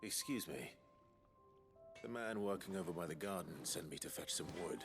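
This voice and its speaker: A man's voice: low voice, moderate pace, over music. An actor playing a polite, reserved young male warrior hero in a video game. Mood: restrained.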